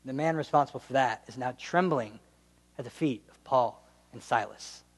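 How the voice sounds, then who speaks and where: A young man giving a humorous, animated sermon, telling the story with laughs and playful voices. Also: mid-range voice, moderate pace, long reverb tail. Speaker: preacher.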